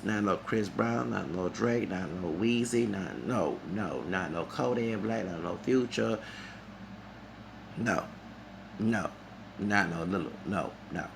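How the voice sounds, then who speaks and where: A man's voice: on the low side, gravelly, a bit bright, a little hiss or hum. A man reviewing a concert in a vlog, talking in a heated, rambling and profane way. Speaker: vlogger.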